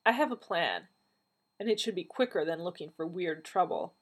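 A woman voicing a feisty, quick-tempered young woman in a storybook reading. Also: fairly low pitch, very animated, slightly rough. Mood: spirited. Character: feisty red-haired young British woman.

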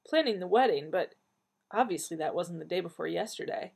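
A woman reading an audiobook in an expressive, dramatic way. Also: fairly low pitch, fairly quick, gravelly, breathy edge. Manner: dramatic, rising with the heroine's alarm. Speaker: audiobook narrator.

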